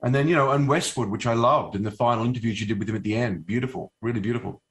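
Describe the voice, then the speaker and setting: A man from Australia with an Australian accent, a guest actor talking in a casual interview, halting with many fillers and restarts. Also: mid-range voice, fairly bright tone.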